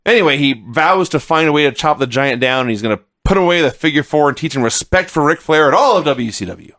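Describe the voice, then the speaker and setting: Animated man with a lively, higher voice. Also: quick pace. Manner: animated, sarcastic storytelling. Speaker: podcast co-host. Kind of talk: casual wrestling review chat.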